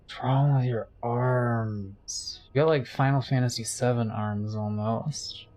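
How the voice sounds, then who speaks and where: A man's voice: mid-range voice, fairly even intonation, slow pace, darkish tone. A man streaming a game, chatting casually in a rambling, jokey way while he reads chat.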